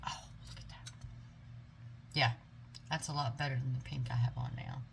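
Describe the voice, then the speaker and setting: A woman's voice: very deep voice, steady tone, moderate pace, gravelly, slight background noise. A woman hosting a casual product review video, chatting enthusiastically to her viewers. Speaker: haul video host.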